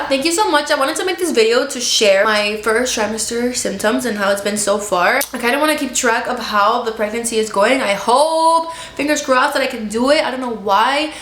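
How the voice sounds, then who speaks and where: A woman vlogging to the camera at home, chatty and expressive, laughing often. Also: a little high, roomy sound. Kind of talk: casual chat to camera. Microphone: camera in front of her.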